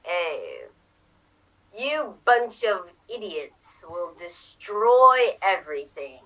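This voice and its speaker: A woman's voice: mid-range voice, big pitch swings, very slow, sharp tone, pitched below the performer's own voice, heavily acted. A woman doing Stewie, a haughty, scheming cartoon baby. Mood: scornful.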